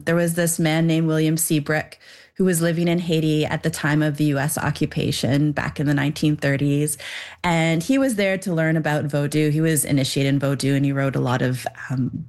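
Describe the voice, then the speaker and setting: Low-voiced young woman explaining thoughtfully. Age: young adult. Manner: thoughtful, explanatory, many fillers. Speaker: filmmaker guest. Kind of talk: interview answer.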